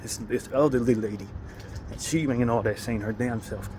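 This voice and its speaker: A man's voice: mid-range voice, moderate pace, background noise. A man casually telling a rambling story while walking outdoors, often chuckling. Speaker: vlogger. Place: outdoors on a city street, walking.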